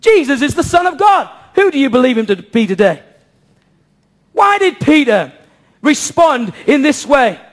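A man with a strikingly high voice preaches a sermon to a congregation in church. He is impassioned, fires off rhetorical questions and now and then rises to a shout. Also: sing-song, measured pace. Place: church service before a congregation.

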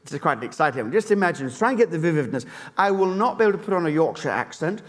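Pastor, man, southern English accent, earnest sermon, fairly high voice, long church reverb. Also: sing-song, quick pace. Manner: earnest, with emphatic rises and many restarts.

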